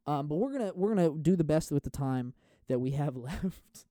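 Man, podcast host, rambling, swears a lot, goofy self-mocking jokes, lively swinging pitch, dry close mic. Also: normal speed, no room sound. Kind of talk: solo comedy podcast rambling. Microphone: studio podcast microphone.

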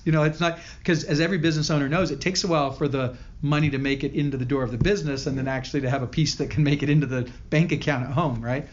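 Earnest man telling a story, halting. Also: fairly high pitch, steady tone. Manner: earnest, halting with many restarts. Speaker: podcast guest, company founder. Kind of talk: storytelling interview. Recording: dull lo-fi audio.

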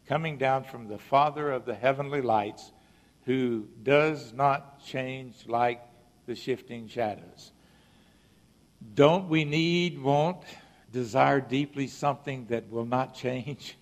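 Male pastor, gravelly voice, emphatic sermon delivery, reverberant hall. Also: medium pitch. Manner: emphatic preaching with dramatic pauses.

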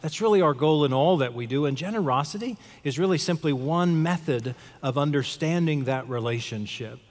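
A man's voice: fairly high pitch, lively intonation, moderate pace. A male pastor giving a conversational sermon in a church, asking the congregation questions. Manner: conversational, asks the audience questions. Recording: long hall reverb.

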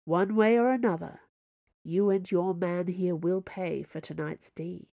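A woman's voice: on the low side, fairly even intonation, measured pace, gravelly, no echo, narrow, tinny audio. A woman reading the lines of a sarcastic, smirking male intruder in an audiobook, with a teasing, smug delivery.

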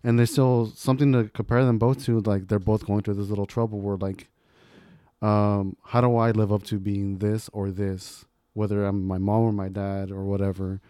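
A man's voice: on the low side, flat delivery, normal speed, warm tone, clear, resonant tone, dry recording, studio quality. A man co-hosting a podcast, chatting casually about movie quotes in a laid-back, rambling way and laughing often. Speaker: podcast co-host.

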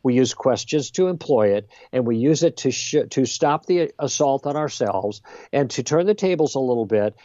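A man guest on a podcast, explaining ideas in a lively conversational way and acting out exchanges. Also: medium pitch, normal speed, dry recording, muffled recording. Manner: lively, role-plays exchanges with emphasis. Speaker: guest author.

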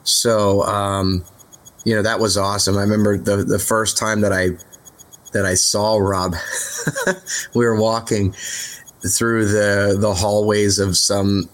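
A man with a slightly low voice tells his tour anecdotes in a loose, conversational way. He restarts sentences and leans on fillers, with the odd casual swear. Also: slow, pauses often. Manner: relaxed, candid, mildly profane. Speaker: rock singer, podcast guest. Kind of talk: casual interview storytelling.

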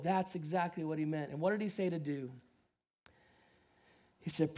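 Male pastor, forties, American, high pitch, dynamic sermon delivery with acted-out voices. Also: moderate pace, pauses often. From United States. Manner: swings from hushed to loud and emphatic; acts out voices in his stories.

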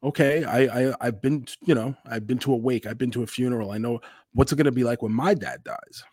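A man talking candidly on a podcast, swearing freely and acting out quotes in a raised voice. His pitch sits in the middle for a man. The sound is dry and close, with no room around it. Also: a little fast, slightly rough, no room sound. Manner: candid and profane, swings into loud re-enacted quotes. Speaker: podcast co-host. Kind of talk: casual podcast chat.

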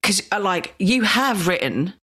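A woman's voice: medium pitch, very animated, a little slow, a bit bright, slightly rough. A woman hosting a podcast interview, chatty and self-deprecating. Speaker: podcast host.

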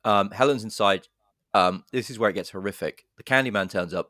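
A man co-hosting a podcast retells a horror film plot in casual chat, swearing and gleefully putting on dramatic voices for the quotes. His voice is fairly low and a little fast. The sound is clean studio quality with no echo.

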